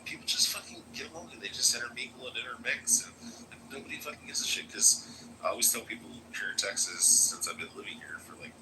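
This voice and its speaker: A man's voice: medium pitch, animated, fast talker, background noise. A man from Florida in casual live-stream chat, rambling and swearing with lots of filler words.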